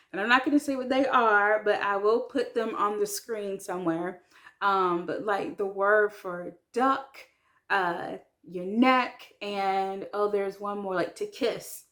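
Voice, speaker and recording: A native English speaker, this woman is learning French and chats casually to the camera in a mid-range, slightly bright voice. She's talkative and self-deprecating, full of ums and likes, and says her French words slowly and carefully.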